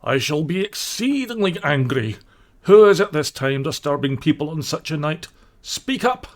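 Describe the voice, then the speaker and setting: A man voicing a gruff, suspicious old male badger who turns kindly toward his friends. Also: medium pitch, brisk, lightly acted. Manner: gruff, then warmly welcoming.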